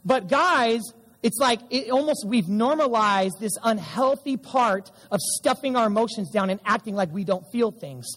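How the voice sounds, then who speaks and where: A man's voice: high voice, animated, normal speed, fairly bright tone. A middle-aged male pastor preaching an emphatic sermon, repeating lines and calling back to the congregation. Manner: emphatic preaching with repeated audience call-and-response. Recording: church sanctuary with long reverb.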